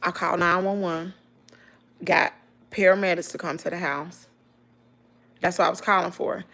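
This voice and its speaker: This vlogger's voice sits on the low side, with vocal fry and a moderate pace. A middle-aged woman with a Mississippi Southern accent, she animatedly and emphatically tells viewers an emotional personal story, speaking directly and using "girl" and "y'all."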